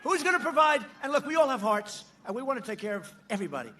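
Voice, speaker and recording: High, bright-voiced man shouting at a rally. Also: very animated, rapid-fire. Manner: boastful, mocking, repetitive, shouting over a crowd. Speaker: politician addressing a rally crowd. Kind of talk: campaign rally speech. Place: large outdoor rally.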